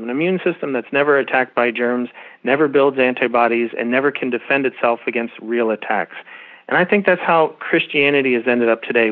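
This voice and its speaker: A middle-aged man talks earnestly and at length, with a preacherly, explanatory manner. His voice comes through a tinny phone line with a thin, narrow sound. Mid pitch. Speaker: guest. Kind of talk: interview guest on a phone line.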